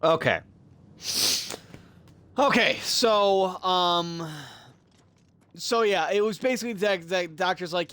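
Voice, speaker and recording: A man with a somewhat high, smooth voice takes his time, leaving long pauses. Playing on a live stream, he tells a story casually and animatedly, swearing in exasperation and muttering to himself.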